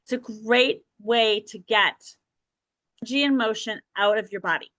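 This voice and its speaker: A woman's voice: fairly high pitch, moderate pace, a bit bright, no echo. A woman hosting a podcast, talking directly and encouragingly to listeners and often checking in with "okay?". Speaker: podcast host. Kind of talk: motivational podcast talk.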